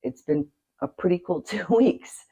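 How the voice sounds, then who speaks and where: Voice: mid-range voice, expressive, unhurried, dark tone, highs cut off. A middle-aged vlogger from the United States, talking casually to camera in a chatty, rambling way with asides and light laughter.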